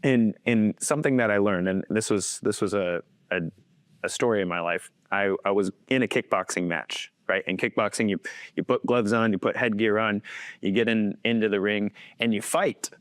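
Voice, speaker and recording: A man's voice: fairly low pitch, moderate pace, no echo, clean studio sound. A man in his thirties, a faith-based coach, earnestly telling personal stories as a guest and chuckling often as he talks. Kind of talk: personal storytelling in conversation.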